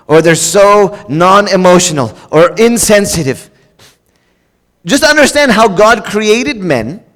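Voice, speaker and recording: A middle-aged man preaching with a notably high voice, his words trailing into the long reverb of a church hall. He talks casually and with animation, slipping into raised voices to act out quarrelling spouses. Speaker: pastor. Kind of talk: sermon.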